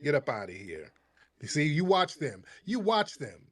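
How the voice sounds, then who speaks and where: A man's voice: fairly high pitch, very animated, normal speed, breathy edge, dry recording. A man hosting a heated live-stream talk show, mocking a caller and insisting over and over. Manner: mocking, insistent, repeats himself. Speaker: show host.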